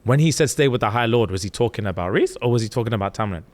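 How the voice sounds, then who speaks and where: Guy, podcast co-host, very lively up-and-down delivery, casual retelling. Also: rapid-fire. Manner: animated, acts out characters' lines with big pitch jumps and laughter. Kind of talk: casual chat retelling a book.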